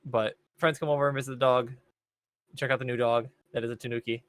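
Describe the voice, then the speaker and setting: A man's voice: medium pitch, fairly even intonation, fast talker. A young man on a podcast, casually recapping an anime in a rambling, laid-back way with plenty of fillers. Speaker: podcast co-host. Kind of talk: casual chat.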